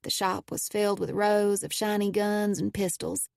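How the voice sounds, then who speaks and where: A woman narrates a first-person audiobook in a steady, intimate way. Her voice has a noticeably gravelly texture at mid pitch, and the recording is dry and close with no room sound. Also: moderate pace, dry recording.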